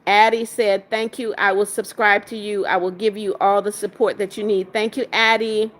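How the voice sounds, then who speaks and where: A woman's voice: medium pitch, flat delivery, normal speed, a bit bright. Woman hosting a livestream, reading comments. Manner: reads viewer comments aloud, scolds and removes trolls. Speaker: livestream host.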